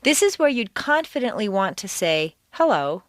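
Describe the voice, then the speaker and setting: A woman narrating a pronunciation course in a clear, deliberate, scripted way. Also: a little high, very animated, a bit bright, no echo, studio quality. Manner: clear, deliberate, with exaggerated stress in examples. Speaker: accent training instructor.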